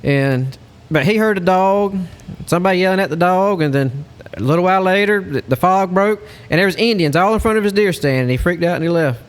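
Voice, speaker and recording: A man, a hunting lodge guide, telling a story in a casual, animated way. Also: high voice, fairly quick, few pauses, clear, resonant tone. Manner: animated storyteller, Southern-style speech.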